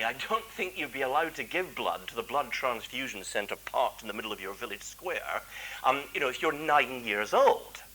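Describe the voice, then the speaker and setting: A man's voice: a little high, sharp tone, a little hiss or hum, rough recording. A man giving a chatty, self-deprecating lecture as a clergyman, full of asides. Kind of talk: anecdotal public lecture.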